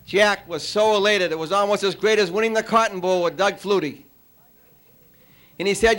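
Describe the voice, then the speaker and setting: A man giving a farewell after-dinner speech, telling a long joke with frequent pauses and fillers. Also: high-pitched, a bit bright. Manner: storytelling, halting with many uh fillers.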